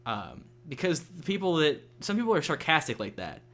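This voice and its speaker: Here a young man runs a gaming channel, chatting loosely during gameplay, full of fillers, restarts and free swearing. His voice is fairly high and fairly bright, swings widely in pitch, and goes at a fairly quick clip.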